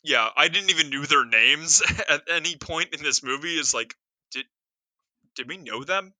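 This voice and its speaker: A man's voice: fairly high pitch, normal speed, bright, forceful tone, no room sound. A man in casual chat about a movie, wry and joking, stumbling over his restarts.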